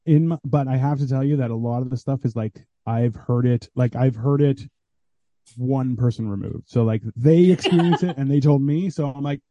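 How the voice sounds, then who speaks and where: A man who is a guest comedian on a podcast, chatting casually and telling animated stories, acting out what people said. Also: medium pitch, normal speed, no echo, lo-fi sound. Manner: animated storyteller, acts out quoted voices. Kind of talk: casual chat.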